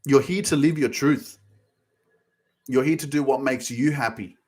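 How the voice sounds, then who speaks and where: A man in his thirties delivers a fired-up motivational monologue for his podcast. His pitch sits in an ordinary middle range. He leans hard on emphasis, swears without a second thought and hammers home his points by repeating them. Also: measured pace, a little mellow.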